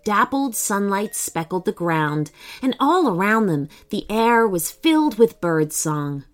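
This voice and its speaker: Animated woman reading a children's story. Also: medium pitch, a little slow. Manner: gentle, animated, voices each character.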